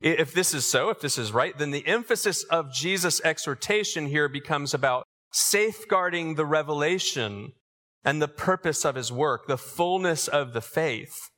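A man's voice: a little high, expressive, moderate pace, sharp tone. A man preaching an earnest sermon to his congregation, building to emphatic calls. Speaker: pastor. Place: church sanctuary. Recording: long reverb of a large church.

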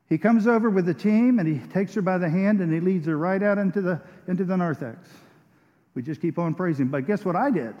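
A man preaching a sermon, telling a story, hushed at times and emphatic at others. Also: high-pitched. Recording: muffled sound with long hall reverb.

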